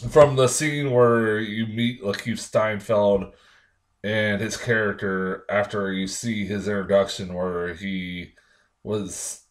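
A man's voice: fairly low pitch, flat delivery, takes it slowly. A young man giving a casual, rambling movie review, profane and irritated, with lots of fillers and restarts.

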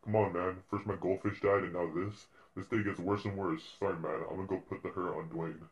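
A man voicing a laid-back young guy with slangy, drawling street talk, his voice pushed low. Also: little pitch movement, brisk, lightly acted.

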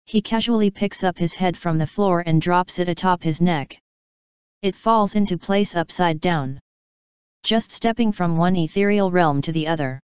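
Woman, story reader, steady narration, lowish voice, slightly dull lo-fi recording. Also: smooth, dry recording. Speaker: fanfiction reader.

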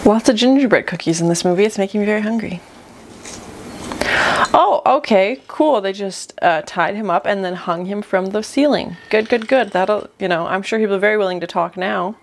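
A woman's voice: medium pitch, moderate pace, background noise. A young woman giving casual, chatty reaction commentary while watching a movie, with frequent gasps and jokey asides. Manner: chatty, exclaims and gasps often; jokey asides, mock quoting characters. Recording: movie soundtrack music behind. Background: movie music.

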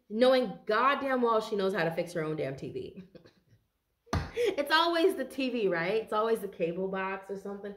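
A woman's voice: medium pitch, lively intonation, fairly quick, roomy sound. A tired woman doing a casual tarot reading for viewers, chatty and rambling and swearing freely. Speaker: tarot card reader.

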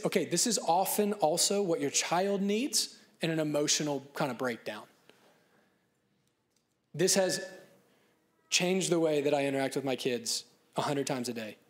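On a church stage, a pastor with a slightly high voice delivers a conversational sermon. He jokes and laughs at himself, then turns softer and more earnest for his key points.

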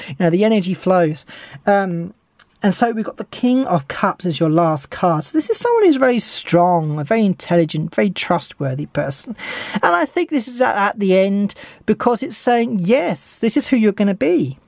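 A woman's voice: medium pitch, animated, normal speed, a little mellow, dry recording. A woman giving a tarot reading, talking eagerly and repeating her encouragements over and over. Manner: enthusiastic, repetitive encouragement. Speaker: tarot reader.

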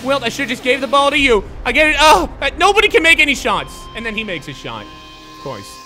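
A high, bright-voiced young man commentating his own basketball video game, swinging from hushed muttering to loud yells and curses. His pitch leaps all over the place, with game music faintly underneath. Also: brisk. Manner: excitable, yelling and swearing at the game. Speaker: gaming YouTuber. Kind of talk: live gameplay commentary.

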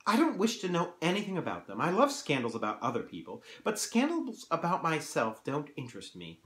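A man reading aloud, voicing a petulant, languid young gentleman who brushes things off airily, in a room with some echo. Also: fairly high pitch, huge pitch swings, a little fast, voice pushed up. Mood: airy. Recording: roomy echo.

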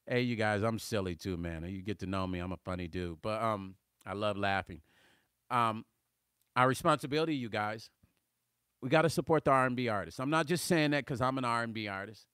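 A middle-aged man with a smooth, resonant voice talks loosely on his live stream, reading out viewer comments. He gets animated, laughs easily and trips over repeated words when he's worked up. The sound is close and dry, with no room around it. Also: on the low side, a little fast, dry recording. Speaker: musician hosting a livestream. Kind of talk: casual livestream chat reading comments.

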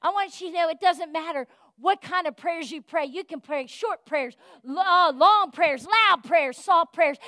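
A woman pastor delivers a fervent, folksy sermon with a very high voice. She swings between loud calls to the congregation and soft, confiding asides. The sound is close and dry, with no room echo. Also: expressive, moderate pace. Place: church.

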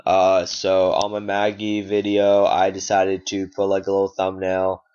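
A man's voice: sits low, completely flat delivery, unhurried, darkish tone, clean tone. A young man ranting in frustration to his viewers, rambling with lots of fillers and swearing. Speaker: YouTube gamer. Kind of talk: angry rant to camera. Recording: dull lo-fi sound.

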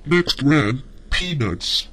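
A man's voice: a little high, sing-song, very slow, a bit bright, heavily acted. A man voicing a short-tempered boy in a cartoon who rants and complains about web shows with a sneering manner. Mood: complaining. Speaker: ranting character.

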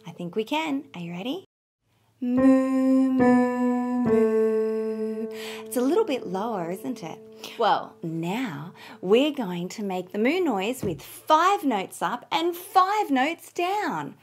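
High lively lady voice, slow gentle kids singing teacher, piano playing behind. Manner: gentle, encouraging, sings moo notes. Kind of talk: children's singing lesson. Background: piano keyboard.

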